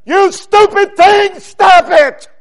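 A man voicing God as a stern shepherd, shouting drawn-out, exasperated rebukes at foolish sheep. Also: very high voice, voice pushed up, full character voice. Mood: scolding.

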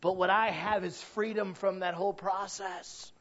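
A man's voice: high voice, little pitch movement, normal speed, lo-fi sound, a crowd in the background. A man preaching a sermon in a conversational way, asking rhetorical questions and building to emphatic peaks. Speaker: pastor.

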